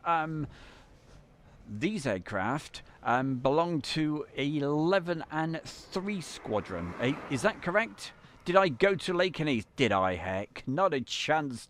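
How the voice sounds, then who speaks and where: Broadcasting a live stream from an editing van, a male host chats away and greets viewers by name. His voice is fairly high and a bit bright.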